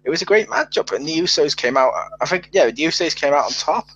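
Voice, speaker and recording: Man, podcast co-host, lively pitch, blunt and joking. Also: fast talker, breathy edge, poor audio. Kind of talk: casual wrestling chat.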